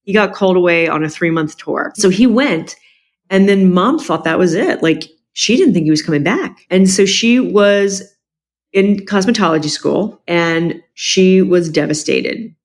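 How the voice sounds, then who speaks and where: A middle-aged woman, a podcast guest, telling a personal family story candidly, with quick asides. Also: lowish voice, animated.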